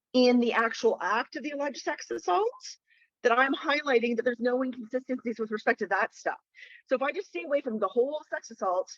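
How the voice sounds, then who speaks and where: Heard through a phone with dull, lo-fi quality, a woman defence lawyer gives a webinar lesson in a direct, chatty manner, leaning on important words. Her voice is on the high side and a little bright, with no echo.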